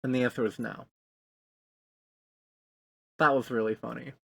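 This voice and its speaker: A man's voice: mid-range voice, level tone, moderate pace, vocal fry. A man co-hosting a casual podcast, rambling with many restarts and frequent swearing. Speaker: podcast co-host. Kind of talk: casual chat.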